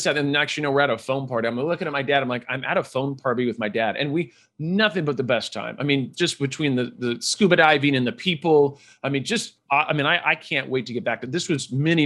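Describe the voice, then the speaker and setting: Fast-talking enthusiastic male podcast host. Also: medium pitch, fairly bright tone. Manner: enthusiastic, rambling with restarts. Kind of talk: casual interview chat.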